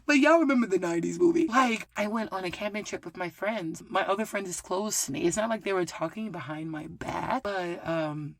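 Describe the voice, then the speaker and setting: Animated, swearing middle-aged woman storyteller. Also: fairly low pitch, fairly quick, gravelly, few pauses. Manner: animated, swearing, laughing, acting out quoted people. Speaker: podcast host. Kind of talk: casual storytelling chat.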